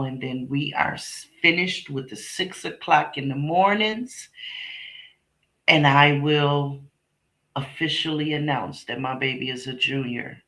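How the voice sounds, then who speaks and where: A middle-aged woman hosts a live stream in an unhurried, drawn-out way, with a forceful, sharp-edged voice. She talks straight to her chat, blunt and emphatic, hammering her points home with repetition and the odd curse. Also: low voice. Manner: blunt, emphatic, profane, repeats phrases; talks directly to chat viewers by name. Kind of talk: casual livestream chat with viewers.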